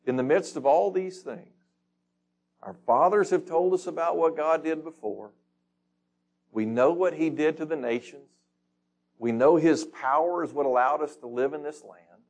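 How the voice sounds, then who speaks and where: A man's voice: on the high side, moderate pace, pauses often, darkish tone. A man leading a Bible study, reading scripture aloud and putting questions to the group in a casual, conversational teaching manner.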